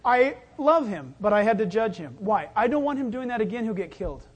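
A man's voice: high-pitched, big pitch swings, fairly quick, slightly rough. Storytelling preacher man doing voices. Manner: conversational storytelling with acted-out voices. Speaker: pastor. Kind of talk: sermon.

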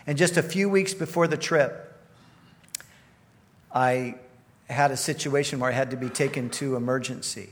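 Conversational preacher man, slightly high voice. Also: fairly even intonation, normal speed, a bit bright. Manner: conversational, self-deprecating, repeats phrases. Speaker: pastor. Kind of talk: storytelling sermon.

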